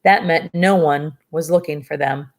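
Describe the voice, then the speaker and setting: Woman reading a novel aloud, lower voice. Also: a little slow. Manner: chatty asides, dry sarcasm. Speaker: reader of a novel. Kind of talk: reading a book aloud with commentary.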